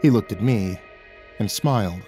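Male horror narrator, measured and dramatic, faint music underneath. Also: on the low side, mellow. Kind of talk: scripted horror story narration.

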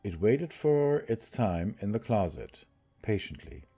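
Low, mellow-voiced man streaming a game. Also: big pitch swings, slightly rough, soft background music. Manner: reads haltingly, restarts and rereads lines, chats with viewers in between. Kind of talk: live game commentary, reading on-screen text aloud.

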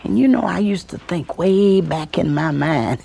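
Gravelly, lively woman storyteller. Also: lowish voice, measured pace. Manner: animated, calls out voices, drops to whispers. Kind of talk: family storytelling. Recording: old VHS tape.

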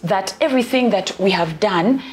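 A woman's voice: medium pitch, expressive, normal speed, a little mellow, a little hiss or hum. Preacherly woman quoting scripture. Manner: preacherly, quotes scripture often. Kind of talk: casual faith chat.

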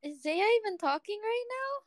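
A woman guest in a casual livestream chat who sounds excitable and keeps apologizing. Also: very high voice, normal speed, dry recording.

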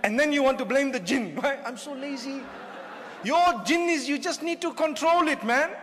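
High-voiced man preaching in a reverberant hall. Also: animated, normal speed, a bit bright, a little hiss or hum. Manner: humorous, conversational, rhetorical questions. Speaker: Islamic preacher. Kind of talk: lecture sermon.

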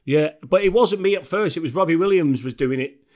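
A man co-hosting a podcast in loose, boisterous chat. His voice sits a little high, and his talk is full of swearing and teasing. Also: a little fast, a little mellow. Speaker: podcast co-host. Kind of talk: casual chat.

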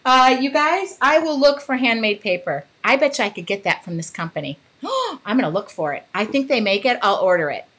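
A woman's voice: a little high, very animated, a little fast, a bit bright. A woman hosting a casual livestream about art, chatting with viewers and laughing often. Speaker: art channel host. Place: home art studio.

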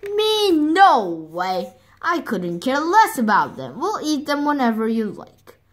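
A woman voicing a nervous, soft-hearted fox in a storybook reading, hesitant and flustered. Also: high voice, wildly swooping pitch, slow, full character voice.

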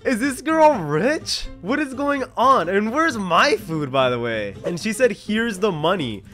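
A man's voice: sits high, very animated, measured pace, pushed and bright, soft background music. A young man hosting a gaming video, chatting casually over his gameplay, laughing often and reading the in-game chat aloud.

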